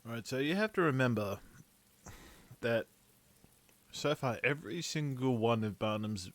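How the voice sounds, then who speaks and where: A man's voice: mid-range voice, lively intonation, normal speed. A man with an Australian accent giving casual, sarcastic commentary while streaming a game. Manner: wry, sarcastic asides.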